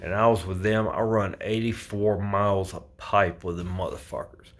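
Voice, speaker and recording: A man's voice: lowish voice, steady tone, normal speed. A man who works as a pipeline welder, telling a story to camera in a blunt, casual way with heavy swearing.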